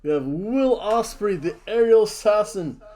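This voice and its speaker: Slow-talking man joking through wrestling picks. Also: sits high, expressive, warm tone. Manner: jokey and theatrical, hamming up wrestler introductions. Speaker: wrestling show host. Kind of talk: casual wrestling predictions chat.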